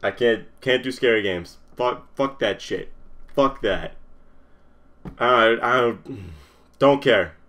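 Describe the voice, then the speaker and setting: A man's voice: mid-range voice, slow pace, long pauses, fairly bright tone. A nervous young man commentating a horror game, stammering, swearing and shaking with fear. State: shaking with nerves. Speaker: gamer.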